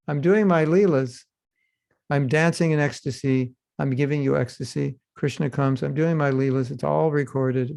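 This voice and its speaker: Gravelly man giving a lively sermon. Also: fairly high pitch. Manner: conversational and humorous, acts out quoted dialogue. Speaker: speaker giving a scripture class. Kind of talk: informal sermon.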